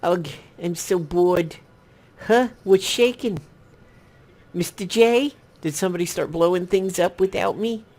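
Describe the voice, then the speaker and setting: A man's voice: high-pitched, unhurried, darkish tone, pitched above the performer's own voice. A man reading a giddy, unhinged female comic villain in a raised, teasing voice while playing a game. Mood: bored, excited. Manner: bubbly, mischievous, teasing.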